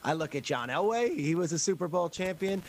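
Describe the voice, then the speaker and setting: A man's voice: fairly high pitch, animated, fairly quick, slight background noise, rough recording. A man on a sports talk panel, arguing emphatically and pushing back on the others. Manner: emphatic, pushes back with repeated starts.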